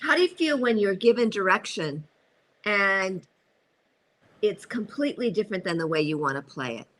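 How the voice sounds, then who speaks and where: A woman's voice: mid-range voice, expressive, normal speed, a bit bright, slight background noise. A woman who works as an acting coach, hosting an interview. She reacts in short bursts and asks probing questions.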